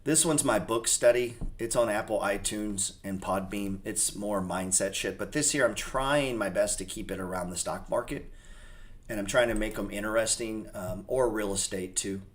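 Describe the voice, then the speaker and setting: A man with a somewhat low voice talks off the cuff, drifting from thought to thought. He swears freely and jokes as he chats with his audience. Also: normal speed. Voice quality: rambling, profane, loose and joking. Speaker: trading channel host. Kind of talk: casual unscripted livestream chat.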